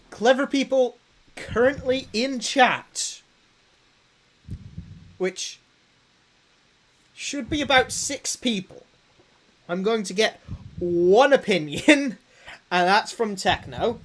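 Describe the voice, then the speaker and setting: A man's voice: sits high, expressive, extremely slow, pauses often, a bit bright. A young man streaming a game, thinking aloud to his chat and bragging playfully about his runs. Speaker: gaming streamer. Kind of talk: live game commentary to chat.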